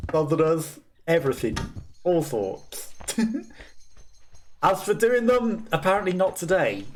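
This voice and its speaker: A man's voice: on the high side, slight background noise. A young man with a Black Country accent, chatting and laughing at himself while streaming a game. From West Midlands, England. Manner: chatty, self-mocking, laughs often. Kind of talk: casual gameplay commentary.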